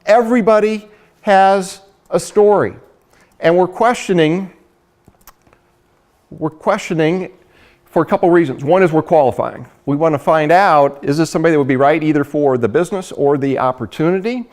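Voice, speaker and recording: A middle-aged man giving a lively sales training talk, acting out conversations and laughing often. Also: a little high, moderate pace. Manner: animated storyteller, acts out dialogue, laughs often.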